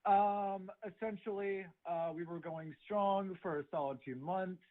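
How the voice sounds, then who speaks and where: A young man calling in to a show, recapping a breakup in a halting way. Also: high voice, steady tone. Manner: halting, filler-heavy recap. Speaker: caller. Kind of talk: phone story recap. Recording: tinny phone line.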